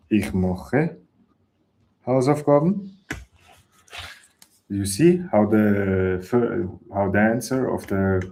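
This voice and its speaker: Male teacher, unhurried and patient, low voice. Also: darkish tone, a little hiss or hum. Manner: slow, patient explaining with example sentences. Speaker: German teacher. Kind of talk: language lesson.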